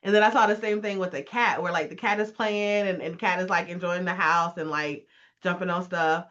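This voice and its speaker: A woman with a lowish voice talks a little fast as she co-hosts a casual podcast. She's an animated storyteller, acting out voices and laughing along the way. The recording sounds dull and lo-fi.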